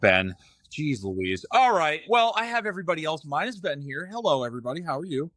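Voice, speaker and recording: A teasing man with a Boston accent hosts a casual sports podcast. His voice sits a bit high and sounds dry and close to the mic. He hams up his sponsor reads like a showman. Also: sing-song, a little fast, fairly bright tone, no echo. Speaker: podcast host.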